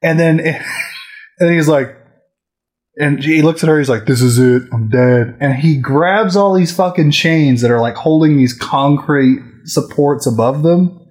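Casual male talker with a somewhat high voice who gets loud and animated acting out scenes. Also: measured pace. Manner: animated storyteller, swears freely, acts out movie scenes. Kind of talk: casual chat.

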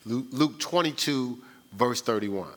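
A man's voice: measured pace, a bit bright. A man preaching a sermon as pastor, swinging his voice up and down and asking "right?" often, with frequent repeated words. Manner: preaching with sudden rises and drops in pitch, call-and-response "right?"; repeats words when starting phrases.

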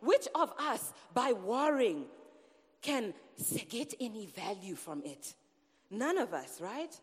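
A woman delivers a sermon with a lively, swooping voice that sits a little high. She calls out to the congregation as she preaches. The sound carries a long reverb from the church hall. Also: slow, slightly rough.

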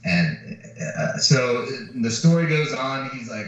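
Taking it slowly in a medium-pitched voice, a podcast co-host animatedly recaps a movie in casual conversation, swearing freely and acting out quotes. The mic is far off in a very echoey room, and the sound is dull.

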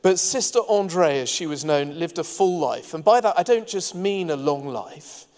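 A man's voice: fairly high pitch, expressive, normal speed, darkish tone. A man preaching a sermon as pastor, earnest and engaging, with light asides to the congregation. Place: church hall. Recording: long hall reverb.

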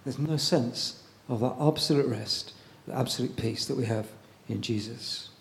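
A man preaching a sermon in a conversational way, pausing often and repeating words as he goes. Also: medium pitch, gravelly, slight background noise.

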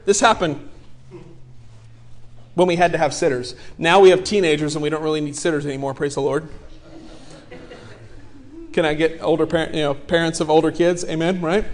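Animated high-voiced male pastor. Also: brisk, long pauses. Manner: animated, joking, acts out the people in his story. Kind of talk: sermon storytelling.

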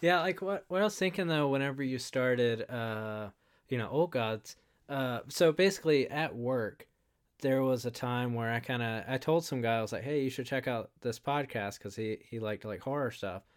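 A man's voice: medium pitch, normal speed, clear, resonant tone. A man chatting casually and telling a story, with lots of quoted dialogue. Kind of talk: casual conversation.

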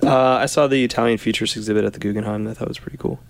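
A young man with a New Jersey accent talks as a podcast guest, rambling with dry humor. His low voice has a gravelly edge. Faint music runs quietly behind him. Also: steady tone, racing. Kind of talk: casual chat with a friend.

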